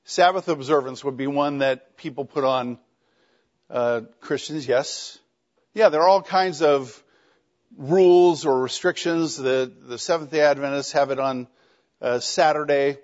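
A man's voice: fairly high pitch, a little slow, darkish tone. Middle-aged guy teaching a class, chatty and wry, kinda dull muffled recording. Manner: conversational, wry and joking. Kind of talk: classroom lecture with discussion.

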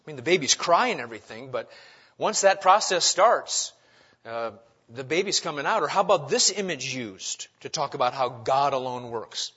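A man preaching a sermon, asking rhetorical questions and swinging between loud emphatic lines and quiet asides. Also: medium pitch, animated, normal speed, breathy edge, lo-fi sound. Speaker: pastor.

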